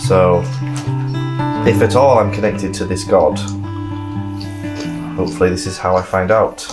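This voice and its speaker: A man playing a tabletop game, speaking slowly and animatedly in character with loud theatrical outbursts. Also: low voice, music in the background. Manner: slow and animated, bursting into loud theatrical cries. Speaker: player. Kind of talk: tabletop role-play.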